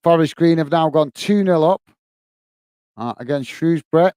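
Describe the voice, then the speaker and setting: Smooth-voiced Northern Irish man calling football. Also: a little high, normal speed, dark tone, dry recording. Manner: friendly and chatty, often says "mate" while reading viewer comments. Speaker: host of a football watch-along stream. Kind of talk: live play-by-play commentary with chat.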